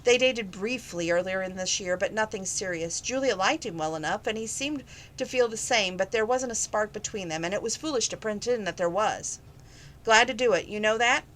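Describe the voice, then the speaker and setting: Woman reading a novel aloud, plain and steady. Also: medium pitch, a little fast, a little hiss or hum, poor audio. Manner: plain, with small slips and restarts. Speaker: reader. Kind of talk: casual read-aloud narration.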